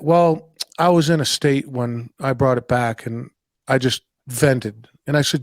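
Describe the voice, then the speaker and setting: A man's voice: medium pitch, moderate pace, no echo, clean studio sound. A man hosting a casual podcast chat, telling anecdotes and acting out what customers said in different voices, and swearing casually. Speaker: podcast host.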